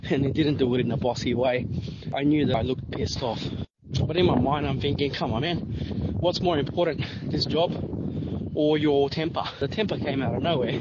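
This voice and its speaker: A man vlogging about his warehouse job, venting bluntly and swearing as he grumbles about his day. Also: medium pitch. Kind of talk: casual venting monologue. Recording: dull lo-fi sound with vehicle noise.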